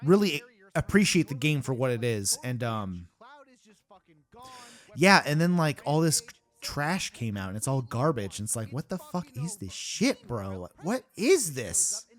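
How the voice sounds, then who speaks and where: A man's voice: medium pitch, big pitch swings, measured pace. A man hosting a casual commentary track, ranting with lots of swearing and fillers. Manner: ranting, profane, rambling with many fillers. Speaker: YouTube host. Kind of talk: casual behind-the-scenes commentary.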